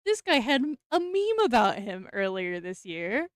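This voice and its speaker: A young woman streamer chatting through a card opening, with a clear, smooth voice and lively pitch that jumps around. She mutters nervous asides to herself and then bursts into excited squeals. The sound is dry and close to the mic. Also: normal speed, no room sound.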